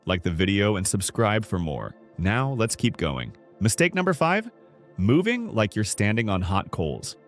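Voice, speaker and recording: Low, lively man coaching confident speech. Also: unhurried, soft background music. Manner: emphatic, punchy short sentences. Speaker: speaking coach. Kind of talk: scripted self-help narration.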